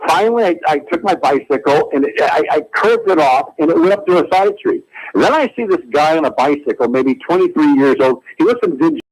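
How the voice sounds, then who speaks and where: A man calling in to a radio talk show, telling a story excitedly and acting out the quotes. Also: a little high, brisk. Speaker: caller. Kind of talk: animated phone-in storytelling. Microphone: telephone. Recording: phone line.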